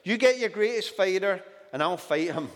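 A man's voice: high voice, expressive, moderate pace, long reverb tail, pitched above the performer's own voice. A male preacher voicing a boastful giant warrior who mocks his enemies in a raised, bragging voice. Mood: taunting. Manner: loud, bragging, mocking.

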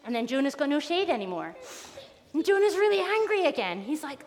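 A woman giving a lively all-age church talk, playful and animated, asking the children questions as she retells a story. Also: high-pitched, fairly quick. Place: church hall. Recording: long reverb in a church hall.

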